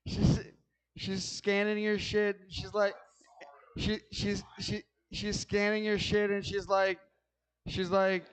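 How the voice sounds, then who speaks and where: A man's voice: high voice, completely flat delivery, slow, smooth, poor audio. A man doing a stand-up comedy set, ranting in a profane, agitated way and stammering through restarts.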